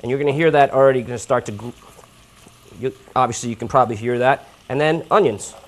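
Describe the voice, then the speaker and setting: A man's voice: medium pitch, fast. A man from New York hosting a live cooking show, chatting informally while he cooks. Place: home kitchen.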